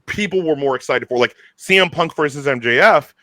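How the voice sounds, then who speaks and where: A man hosting a casual chat, talking in an enthusiastic, animated way with quick restarts. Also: on the high side, no echo. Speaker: podcast host.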